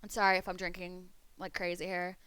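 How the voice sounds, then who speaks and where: A woman from Pennsylvania streaming, chatting casually with viewers in a rambling way, swearing freely and a bit hoarse from losing her voice. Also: fairly low pitch, little pitch movement, fairly quick, fairly bright tone, dry recording.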